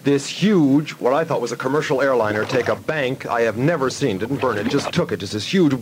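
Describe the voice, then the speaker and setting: A man's voice: mid-range voice, a little fast, background noise. A man hosting a radio show, telling a long story in loose studio chat and acting out a phone call. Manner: rambling, animated storyteller who acts out phone calls.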